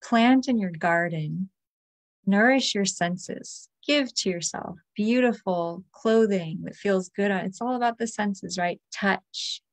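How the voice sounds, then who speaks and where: A woman energy healer leading a guided release meditation, talking in a soft, invoking, repetitive way. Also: medium pitch, slow, no room sound.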